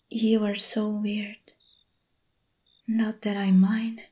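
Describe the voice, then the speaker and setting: A woman voicing a lonely, guarded young woman in an audio role-play, speaking very slowly in a mellow, warm tone. She hesitates and stammers, and faint crickets chirp behind her. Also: medium pitch. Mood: shy, touched. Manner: hesitant, stammering, soft-spoken. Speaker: voice actor.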